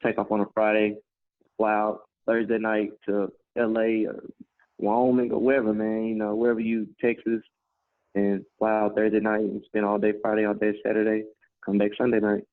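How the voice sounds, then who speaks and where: A young man in his twenties, telling a long story in a relaxed, chatty way and often dropping "man" and "you know". His voice sits fairly low, and the sound is thin and narrow, as if it comes over a phone line. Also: moderate pace, no room sound. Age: 20s. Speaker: guest. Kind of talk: casual storytelling interview.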